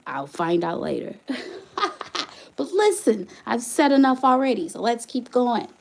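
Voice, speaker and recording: A woman on a live stream vents with passion, her high voice leaping up and down as she hammers one rhetorical question after another. Between outbursts she reads viewer comments aloud. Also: very animated, a little slow, gravelly, darkish tone. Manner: impassioned, repeated rhetorical questions. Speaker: channel host, single mother. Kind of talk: emotional livestream venting.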